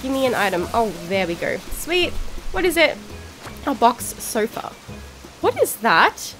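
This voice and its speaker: High-voiced, excitable woman gamer. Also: unhurried, faint music behind. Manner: chatty, excitable, cheerfully swears at the game. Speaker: gaming video creator. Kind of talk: casual let's-play commentary.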